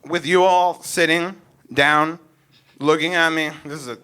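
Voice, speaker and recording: Young man, stand-up comedian, from Omaha, unhurried delivery, bright tone. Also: fairly high pitch, clear, resonant tone. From North Omaha, Nebraska, USA. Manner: animated, swinging between soft asides and loud punchlines.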